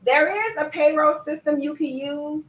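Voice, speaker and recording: A woman coaching viewers in a lively live-stream chat, talking to them directly and laughing often. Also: sits high, moderate pace, reverberant, recorded from a distance, rough recording. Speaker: business coach.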